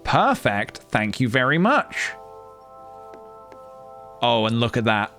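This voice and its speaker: A young man talks his viewers through a game in a loose, chatty way. His voice sits in a middle register and keeps leaping into playful, excited squeals. Faint game music plays behind him. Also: mid-range voice, slow pace, pauses often. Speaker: streamer. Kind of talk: casual live-stream game commentary.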